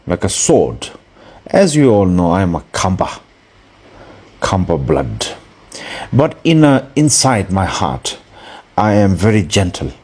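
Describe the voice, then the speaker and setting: A man with a very low, deep voice gives a Buddhist dharma talk. He speaks earnestly, pausing to hunt for the right word and circling back on his phrases. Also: darkish tone. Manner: earnest and searching for words, with pauses. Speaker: Buddhist teacher.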